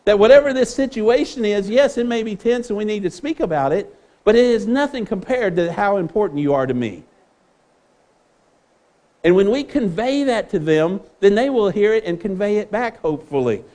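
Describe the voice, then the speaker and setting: A man's voice: sits high, lively intonation, normal speed, mellow. A man preaching a sermon in an earnest way, often repeating words as he restarts.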